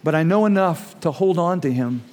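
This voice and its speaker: A middle-aged man delivers a sermon in a slightly raised voice. He tells stories and acts out quotes, then slows down to press his points. A long reverb from the hall trails behind every phrase. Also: on the high side, lively intonation, a little mellow. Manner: storytelling with acted quotes, slows for emphasis. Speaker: pastor.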